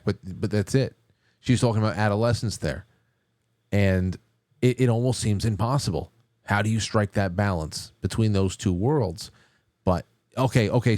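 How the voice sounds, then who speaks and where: A man hosting a book club podcast, thinking out loud in a halting way and often repeating words as he looks for what to say. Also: fairly low pitch, no room sound, studio quality. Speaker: podcast host. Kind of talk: casual book discussion.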